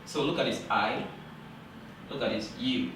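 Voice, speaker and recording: A man teaching English grammar in a classroom lecture, talking slowly and repeating key points for emphasis. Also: mid-range voice, noisy background. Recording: very echoey room, voice from far off.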